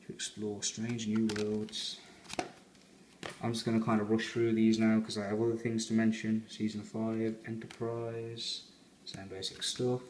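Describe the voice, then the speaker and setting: Low-voiced man in an echoey room. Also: darkish tone, slight background noise. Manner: rambling, chatty fan talk. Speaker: collector reviewing a box set. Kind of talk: casual unboxing review.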